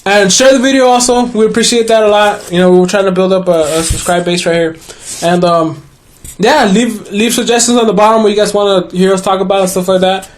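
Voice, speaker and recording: A man's voice: high-pitched, brisk. A young man co-hosting a podcast, casually telling a scary story between laughs and swearing. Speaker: podcast co-host. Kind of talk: casual chat.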